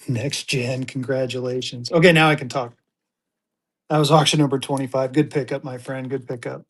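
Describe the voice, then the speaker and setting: A man's voice: medium pitch, steady tone, normal speed, a bit bright. A man hosting a casual live-stream auction from a room at home, rambling and joking as he sells and repeats himself.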